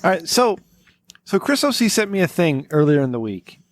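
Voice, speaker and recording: A man hosting a casual podcast chat over a call, talking in a profane, animated way and laughing often. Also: fairly high pitch, normal speed, a crowd in the background. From Italian-American. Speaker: podcast host.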